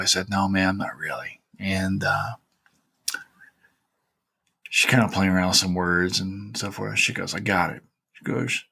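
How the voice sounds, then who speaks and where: A man's voice: lowish voice, steady tone, slow pace, vocal fry, pauses often, sharp tone. A man from Kentucky, a historian host, telling a personal story in a rambling, heartfelt way, full of "you know" fillers. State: tearful at times.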